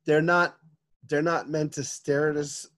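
A man chatting casually, offering slow, agreeing reflections. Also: a little high, little pitch movement, fairly bright tone. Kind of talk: casual chat.

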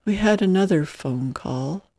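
An earnest widowed ranch mother, voiced by a reader, gentle and pleading. The tone is mellow and dark, and it sits close and dry with no room sound. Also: mid-range voice, expressive, a little slow, no echo, pitched above the performer's own voice. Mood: matter-of-fact.

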